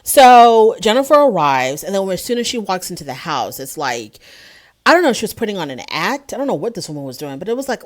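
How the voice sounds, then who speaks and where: A woman's voice: mid-range voice, big pitch swings, brisk. Chatty, opinionated woman recapping an episode. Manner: chatty, opinionated, acts out quotes of cast members. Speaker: reality show recap host.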